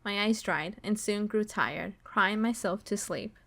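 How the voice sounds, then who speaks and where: A woman's voice: medium pitch, creaky. Woman streamer reading a visual novel aloud. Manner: swears and reacts loudly between slow dramatic reading. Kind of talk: reading game text aloud with live reactions.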